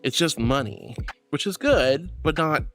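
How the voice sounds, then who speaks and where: A woman streamer chatting with her viewers in a bubbly, gushing way, breaking into squeals and baby talk. Her pitch leaps and dips constantly. Soft music plays faintly behind her. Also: lively intonation, unhurried. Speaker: livestreamer reading chat. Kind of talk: casual livestream chat.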